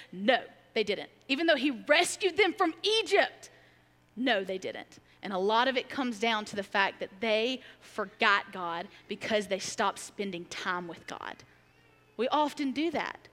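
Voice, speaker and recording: Woman pastor, bright tone, candid and conversational sermon delivery. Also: fairly high pitch. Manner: candid, emotional, conversational, laughs often. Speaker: preacher. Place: church sanctuary. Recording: long hall reverb.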